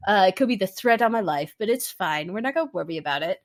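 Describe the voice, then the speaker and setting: A woman voicing an exasperated young female sugar artisan with a deadpan delivery. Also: mid-range voice, quick pace, natural voice.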